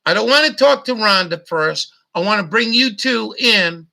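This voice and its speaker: A middle-aged man hosts a casual livestream chat in a high, lively voice at normal speed, with vocal fry and a bright, forceful tone. He rants bluntly and repetitively, swearing a lot.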